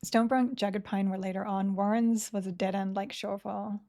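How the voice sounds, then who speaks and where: While playing an online game on stream, a woman talks slowly and chattily with viewers, her words blending into each other. She laughs a lot and reads the chat aloud, her mid-range voice steady and warm.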